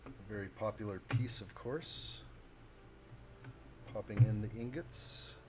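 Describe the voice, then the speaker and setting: A man's voice: on the low side, slow pace, background noise. A man hosting a live stream, chatting casually with viewers while he builds a model kit.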